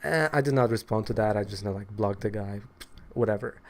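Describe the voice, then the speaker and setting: A man's voice: fairly low pitch, brisk. A man from Poland tells a story in a casual vlog, rambling with lots of fillers in a wry, exasperated way. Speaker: trading card seller telling a story.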